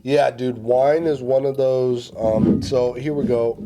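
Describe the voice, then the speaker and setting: A man's voice: mid-range voice, steady tone, takes it slowly, loud music behind the voice. A man hosting a casual drinks chat show, joking and teasing his co-hosts. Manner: joking, teasing, hypes up co-host. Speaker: podcast host.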